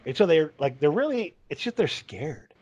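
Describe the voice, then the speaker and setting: A man's voice: fairly high pitch, sing-song, normal speed, a little mellow, husky, highs cut off. A man hosting a podcast in casual chat, rambling and saying "dude" often. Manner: rambling, says "dude" a lot. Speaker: podcast host.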